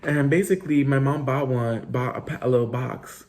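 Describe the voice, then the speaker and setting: A man's voice: mid-range voice, moderate pace, vocal fry, a little mellow. A young man casually telling a story to his little brother, rambling with lots of fillers, swearing and Spanish words.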